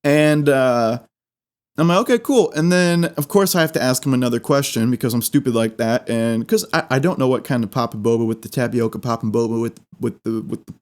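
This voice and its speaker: A man hosting a podcast, telling a comic story in a rambling, excitable way and repeating words for laughs. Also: mid-range voice, fairly quick. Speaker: podcast host. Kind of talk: comedic storytelling monologue.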